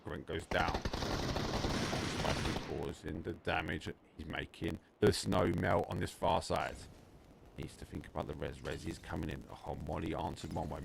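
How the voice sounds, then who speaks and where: A man with an Essex accent casting live play-by-play commentary on an esports match, moving quickly between calm calling and excited bursts. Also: low voice, gravelly, heavy background noise. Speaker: esports caster. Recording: game gunfire under the voice. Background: in-game gunshots and explosions.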